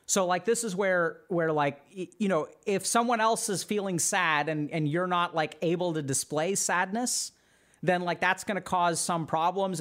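A man hosting a podcast as a psychiatrist, explaining in an animated, casual way with lots of "like" and acted-out examples. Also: sits high, moderate pace. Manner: animated, heavy use of "like", acts out examples.

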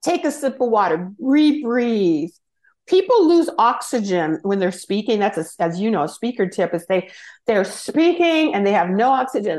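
Excitable high-voiced woman speaking coach. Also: moderate pace. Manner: excitable, energetic, jumps between thoughts. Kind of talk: conversational podcast interview.

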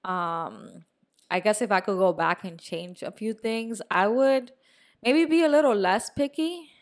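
A young woman chats on her podcast in a loose, animated storytelling way. Her voice sits at an ordinary middle pitch, and she swears freely and slips Spanish words into her talk. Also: a little slow. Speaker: podcast co-host. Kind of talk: casual chat.

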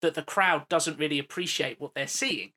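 A man's voice: a little high, normal speed, sharp tone. A man co-hosting a film podcast, explaining his points at length with many fillers. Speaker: podcast co-host. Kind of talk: casual film discussion.

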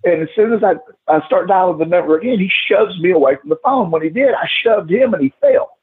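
A man's voice: high-pitched, animated, quick pace, breathy edge. A man telling rowdy stories as a podcast guest, swearing freely and acting out quotes, over a tinny call line. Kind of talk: casual storytelling.

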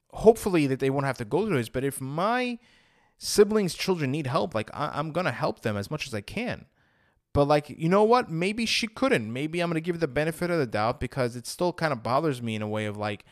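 A man's voice: on the high side, very animated, normal speed, no room sound, clean studio sound. A man in his thirties hosting a podcast, telling his own story in a candid, rambling way with frequent restarts. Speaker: podcast host. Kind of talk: personal storytelling monologue.

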